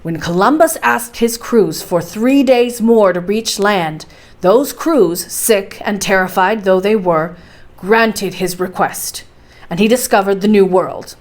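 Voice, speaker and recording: A woman voicing a stubborn, fearless older male professor in a storybook reading, speaking in a forceful, commanding way. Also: mid-range voice, close to an everyday voice. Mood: persuasive. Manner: forceful and commanding, slowing to insist.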